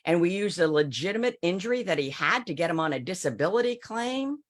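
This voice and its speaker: A woman's voice: on the low side, expressive, fairly quick. A middle-aged woman, a former financial advisor, speaking emphatically to an audience and addressing listeners directly with rhetorical questions.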